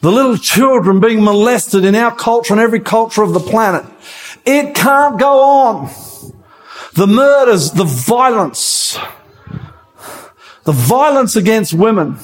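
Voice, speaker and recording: A man's voice: sits high, lively intonation, moderate pace. A man preaching an evangelistic sermon, impassioned and pleading, driving his points home with emphatic repetition.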